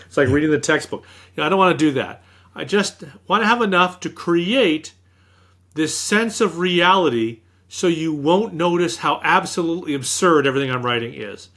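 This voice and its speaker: A middle-aged man, an author being interviewed, telling animated anecdotes and acting out what others said. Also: a little high, normal speed. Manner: animated anecdotes, acts out quoted speech. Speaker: author guest. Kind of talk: interview storytelling.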